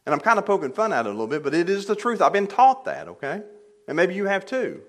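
Older male preacher, somewhat high voice, folksy sermon delivery with forceful emphatic stretches. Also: big pitch swings, fast. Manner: emphatic, rising to forceful peaks on key points; plain conversational asides with light humor. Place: church sanctuary.

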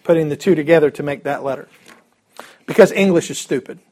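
Guy with a high voice teaching a bible class, jokey, keeps chuckling and restarting. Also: fairly quick, a little mellow. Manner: joking, chuckling, with many fillers and restarts. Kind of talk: casual classroom lesson.

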